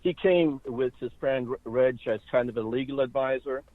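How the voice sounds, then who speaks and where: A man in his sixties, from Ireland, tells his story over a tinny, dry phone line. His delivery is steady and even. The sound is narrow and boxy, with no room around it. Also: medium pitch, normal speed, no room sound. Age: 60s. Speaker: interview guest. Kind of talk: recounting his life story. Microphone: telephone.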